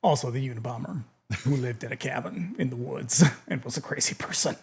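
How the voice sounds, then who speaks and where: A man's voice: mid-range voice, brisk, creaky, breathy edge. A man co-hosting a podcast, chatting casually about films and trading trivia, with lots of "like". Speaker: podcast co-host. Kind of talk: casual movie chat.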